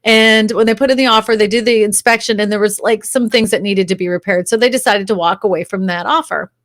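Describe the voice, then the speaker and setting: A woman, a real estate agent, chatting as a guest, telling lively stories and laughing often. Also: medium pitch, fast, no room sound, studio quality. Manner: animated storyteller, laughs often, acts out quotes. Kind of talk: casual interview chat.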